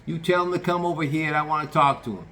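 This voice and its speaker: A pushy, loud restaurant cook barks orders across the kitchen in a raised, higher voice, as a storyteller puts him on. He commands rather than asks, a cocky male prankster. Faint noise sits under the voice. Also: little pitch movement, a little slow. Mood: bossy.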